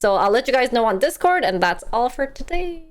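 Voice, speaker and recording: A woman's voice: a little high, big pitch swings, fairly quick. Hyper chatty young woman streamer. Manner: hyper, chatty, laughs often. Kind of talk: casual stream chat.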